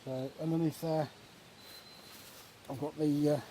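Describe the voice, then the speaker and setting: A man talking casually in a relaxed, chatty way with many fillers, filming a vlog at a woodland camp outdoors. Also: a little high, a little slow. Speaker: vlogger. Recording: outdoor recording with faint nature noise.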